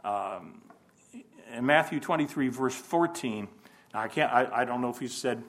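A man teaches a casual Bible class in his ordinary mid-pitched voice. He thinks out loud, poses rhetorical questions to his listeners, and drops in homespun jokes. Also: normal speed. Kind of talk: informal Bible lesson.

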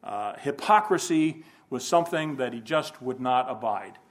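A man's voice: medium pitch, lively intonation, normal speed. Folksy man teaching a Bible class. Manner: conversational, thinking aloud with rhetorical questions. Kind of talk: informal Bible lesson.

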